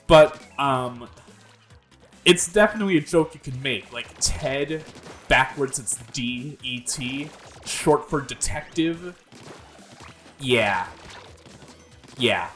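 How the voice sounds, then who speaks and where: A man's voice: fairly high pitch, expressive, takes it slowly, long pauses, fairly bright tone, faint music behind. A young man hosting a gaming video, rambling in casual commentary full of fillers and swearing. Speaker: gaming channel host.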